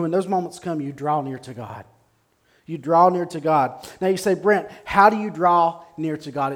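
A male pastor preaching a sermon at a church service, emphatic and repeating his key phrases. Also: high-pitched.

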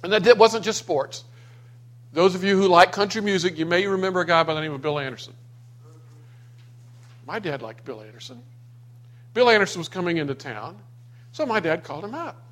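Man telling family stories, a touch high. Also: expressive, a little fast, long pauses, fairly bright tone. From Florida. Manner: anecdotal, acts out quoted people. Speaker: speaker sharing memories of his father. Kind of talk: personal storytelling to a small gathering.

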